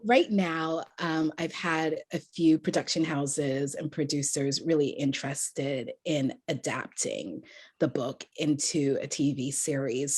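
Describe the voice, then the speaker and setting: A woman author and motivational speaker telling a story as a podcast guest, animated and laughing often. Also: deep voice, breathy edge.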